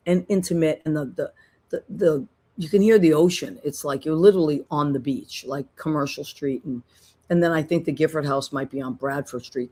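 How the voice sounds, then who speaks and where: A woman's voice: low-pitched, a little mellow. Chatty woman podcast host. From Boston, USA. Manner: chatty, rambling with many restarts. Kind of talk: casual chat.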